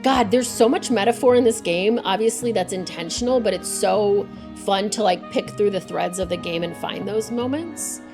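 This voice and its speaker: A woman's voice: mid-range voice, normal speed, few pauses, over music. A woman streaming a game live, chatting and thinking aloud with many fillers.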